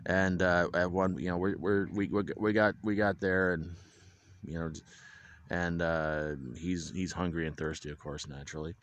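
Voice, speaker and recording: Deep-voiced man rambling outdoors. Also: little pitch movement, moderate pace. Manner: chatty, many restarts and fillers, wry asides to the audience. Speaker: vlogger recapping a high school football game. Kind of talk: rambling casual recap to viewers. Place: outdoors at a stadium, windy.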